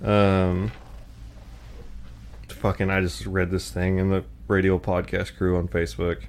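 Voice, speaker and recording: A man's voice: low voice, level tone, measured pace, a little hiss or hum. A man co-hosting a casual motorsport podcast, laid-back and rambling, with plenty of swearing. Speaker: podcast co-host. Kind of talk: casual chat.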